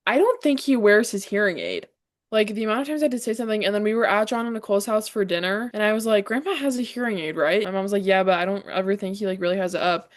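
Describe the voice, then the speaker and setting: A young woman co-hosting a casual podcast. She talks fast and rambles from one story to the next, at a mid-range pitch. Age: young adult. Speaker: podcast co-host. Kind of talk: casual chat.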